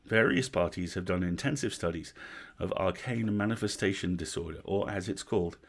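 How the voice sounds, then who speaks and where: A man reading a story aloud on a livestream, measured, with wry asides. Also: low voice. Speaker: story reader.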